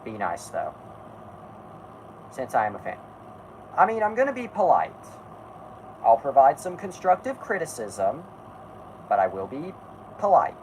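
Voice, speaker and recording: Man, stream host, casual chat, rambling, restarts sentences, very lively pitch. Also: unhurried, pauses often, slight background noise, low-quality recording. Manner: talks to chat and co-hosts. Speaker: podcast host.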